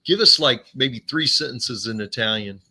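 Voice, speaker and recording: A man's voice: medium pitch, normal speed, bright, forceful tone. A man hosting a podcast interview, teasing and fond of putting his guest on the spot. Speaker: podcast host. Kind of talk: casual interview.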